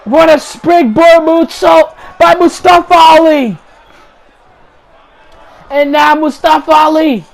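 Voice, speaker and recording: A man calling play-by-play wrestling commentary over gameplay, excitable, shouting the big moves and repeating each call. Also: very high-pitched, slow pace, creaky, pauses often, a faint crowd, rough recording. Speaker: YouTube gaming channel host.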